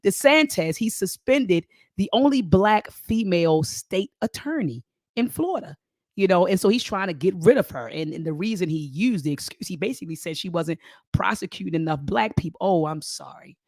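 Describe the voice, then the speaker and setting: A middle-aged woman hosting a live-stream commentary show, talking to her viewers as family, lively and repeating her phrases. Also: on the low side, moderate pace, no echo, studio quality. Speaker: host.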